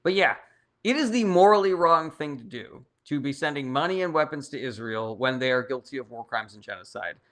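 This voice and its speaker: Blunt, profane young man with a bright voice. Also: medium pitch, expressive, brisk. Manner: blunt, profane and opinionated, reads chat comments aloud. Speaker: livestream host answering chat questions. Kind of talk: casual livestream chat.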